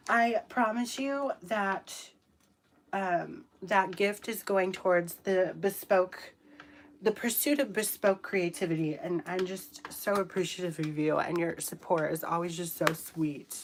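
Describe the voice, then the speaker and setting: A woman's voice: on the low side, slow pace. A young adult woman hosting a casual livestream, chatting about her cats and thanking viewers by name, with casual swearing. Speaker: livestream host.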